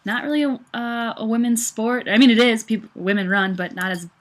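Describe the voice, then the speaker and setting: A young woman from the United States chatting about her day with animated bursts of excitement. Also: a little high, a little fast. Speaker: vlogger. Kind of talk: casual recap.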